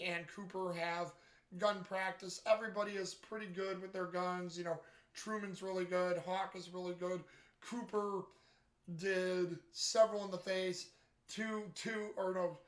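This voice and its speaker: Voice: mid-range voice, little pitch movement, a little slow. A casual, rambling recap of a TV episode, full of "you know" fillers and mid-sentence self-corrections. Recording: roomy echo.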